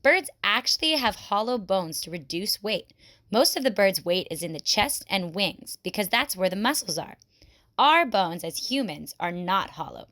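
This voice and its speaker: A woman educator giving scripted science narration in a clear, explanatory way. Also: mid-range voice, fairly bright tone.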